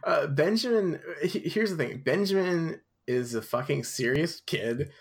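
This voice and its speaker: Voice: mid-range voice, lively intonation, a little slow, vocal fry, slightly rough. A podcast co-host in casual chat who reads a book aloud, laughs often, swears casually and stumbles over lines.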